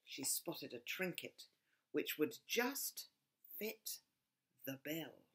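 Woman reading a kids picture book, slow, lots of ups and downs in her voice, goes whispery then loud. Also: sits low. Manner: expressive, swings between hushed whispers and loud cries. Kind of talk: storybook read-aloud for children.

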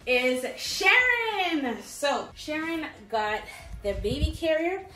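Excitable young woman in an echoey room. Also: sits high, slow pace, faint music behind. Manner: excitable, chatty, keeps saying "mates". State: pregnant, briefly out of breath. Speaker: vlogger. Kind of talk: casual haul vlog.

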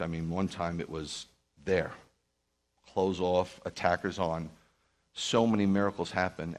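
Male rabbi, very low voice, emphatic storyteller who acts out the dialogue in his sermon. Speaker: Messianic rabbi. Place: speaking live to a group.

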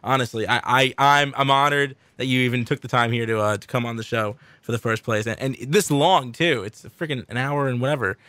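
A man's voice: mid-range voice, a little fast, hardly any pauses, sharp tone, no room sound. A man hosting a casual podcast interview, loose and jokey. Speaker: host.

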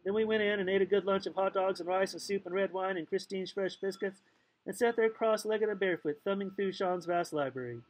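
The audio is poor, and the male reader sounds high-pitched and fairly quick. He's doing a relaxed read-aloud of a novel, playful in tone, with the odd stumble and aside.

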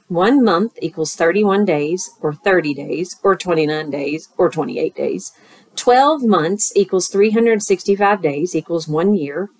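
Woman teacher for a storytime read-aloud: slow and expressive, rhythmic, talks to kids. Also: on the low side, dry recording. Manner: expressive, rhythmic, with asides to children.

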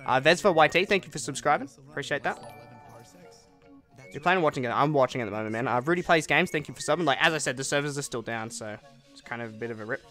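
A man's voice: medium pitch, lively intonation, quick pace, sharp tone, faint music behind. An eighteen-year-old Australian man chatting casually on a gaming live stream, answering viewer comments in a laid-back way.

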